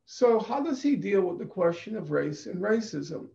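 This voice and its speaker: A man giving a deliberate, emphatic conference talk over a video call, repeating phrases for stress. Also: high voice, big pitch swings, vocal fry, mellow. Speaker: conference speaker. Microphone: computer mic on a video call. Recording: echoey, dull video-call audio.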